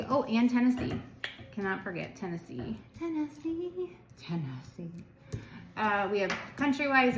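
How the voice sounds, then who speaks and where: Chatty woman reading tarot in echoey room. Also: mid-range voice. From United States. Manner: chatty and rambling, with many "like" fillers. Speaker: tarot card reader. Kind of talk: casual tarot reading to viewers. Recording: echoey room with background noise.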